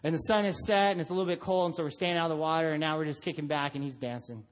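Man, middle-aged, pastor, sermon, animated storyteller, acts out voices, slightly high voice. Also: very fast. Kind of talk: sermon with family stories.

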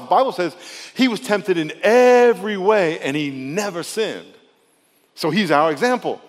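Male pastor, sermon, conversational and emphatic, fairly high voice, long church reverb. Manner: conversational, emphatic, drops to soft intimate tone.

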